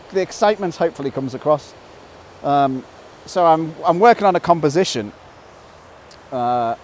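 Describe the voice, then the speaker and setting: A middle-aged man talks straight to his camera outdoors, walking through a valley toward a waterfall. His voice sits at an ordinary middle pitch, and he keeps breaking into wows and laughter. Between those bursts he talks through how he is framing each photograph. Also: a little mellow, slight background noise. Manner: explains photo composition while working. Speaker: nature photographer. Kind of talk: outdoor vlog narration.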